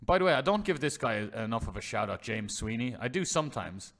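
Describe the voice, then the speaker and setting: A man's voice: mid-range voice, big pitch swings, a little fast, fairly bright tone. A man commentating on his own online poker hands live, chatty and swearing freely, talking to his chat as lads and boys. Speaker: poker streamer.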